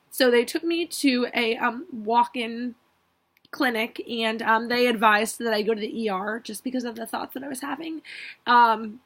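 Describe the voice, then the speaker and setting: A woman's voice: a little high, unhurried, fairly bright tone. A young woman vlogger talking earnestly and tearfully to her viewers, now and then apologizing for rambling. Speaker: beauty vlogger. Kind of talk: emotional personal vlog.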